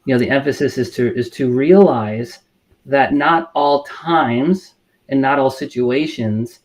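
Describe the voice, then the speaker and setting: A middle-aged man, a mental health counselor, answering interview questions in a measured way, full of fillers and restarts. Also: mid-range voice. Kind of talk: interview guest.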